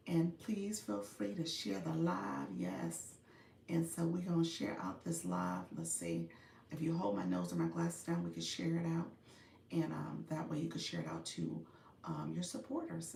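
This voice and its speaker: Woman with a chicago accent, lower voice, gravelly edge, echoey room, a bit far from the mic. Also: a little mellow, slight background noise. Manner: chatty, laughs often, greets viewers by name. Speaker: live-stream coach. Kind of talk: casual live-stream chat.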